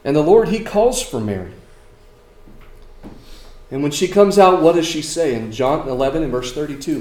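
A man's voice: a little high, big pitch swings, moderate pace, long pauses. Man preaching in an echoey room. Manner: varies from emphatic to quiet, asks rhetorical questions. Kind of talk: sermon. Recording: echoey room with faint ambience.

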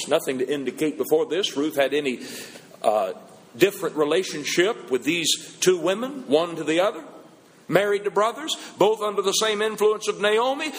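A man preaching a sermon in a church, swinging his pitch up and down and slowing down to stress key words. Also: fairly bright tone. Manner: rises and falls in pitch, slows for emphasis. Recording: long reverb of a hall.

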